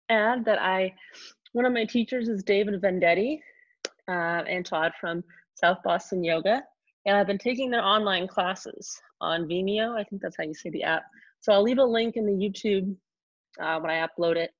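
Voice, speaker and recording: A woman teaching a live online yoga class, giving calm step-by-step cues between sighs and exhales. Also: mid-range voice, normal speed, dull audio. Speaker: yoga instructor.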